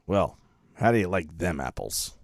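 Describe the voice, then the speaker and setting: A man's voice: low-pitched, big pitch swings, moderate pace, vocal fry, noisy background. A man hosting a podcast, introducing callers in a laid-back, wry way. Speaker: podcast host. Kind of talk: casual hosting between calls.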